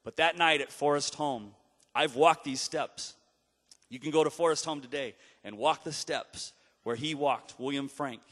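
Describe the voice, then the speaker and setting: A man delivers a sermon as a story, slipping into the voices of the people he describes. His voice sits a little high for a man. The sound carries the long reverb of a large hall. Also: fairly bright tone. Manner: storytelling preacher, dramatic pauses and acted quotes. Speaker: pastor.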